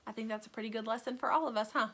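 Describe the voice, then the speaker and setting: A woman reading a children's chapter book aloud as storyteller, animated and friendly. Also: fairly high pitch, rapid-fire.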